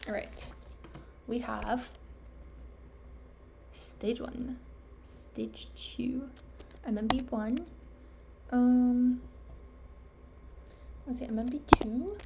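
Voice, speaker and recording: A woman's voice: fairly high pitch, steady tone, drawn-out words, long pauses, background noise. A young woman trader thinking aloud over her charts, self-critical and trailing off, losing her voice. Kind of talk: casual self-talk screen recording.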